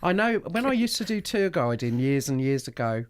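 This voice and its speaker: A chatty woman with a London accent, talking on radio in a studio. Her pitch leaps around in a lively way, and she laughs easily while her fast words run together. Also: smooth. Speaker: radio co-host. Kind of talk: casual radio chat. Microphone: studio mic.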